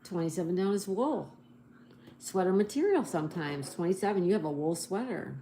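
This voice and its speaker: A woman's voice: on the low side, expressive, fairly quick, dark tone, a little hiss or hum. A woman hosting a casual livestream, chatting with viewers and spelling answers letter by letter, recorded on a phone at home. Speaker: livestream host.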